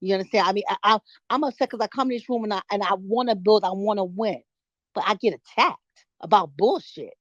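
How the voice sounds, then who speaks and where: A woman's voice: mid-range voice, fast, no room sound. A middle-aged woman from New York City holds forth on a lo-fi online call, the sound dull and close with no room around it. She talks in a heated, blunt, profane way, stumbling into restarts as she pushes her point. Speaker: caller in an audio chat room. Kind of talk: emotional impromptu rant.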